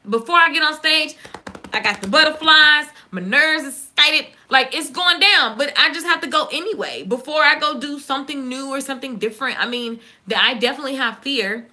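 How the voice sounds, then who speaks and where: A woman with a Southern accent chats to her channel's viewers, joking and reacting to comments. Her voice sits a bit high and sounds bright and forceful. She talks fast and loose, like she's among friends. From Southern United States. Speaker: YouTuber. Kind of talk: casual live-stream chat.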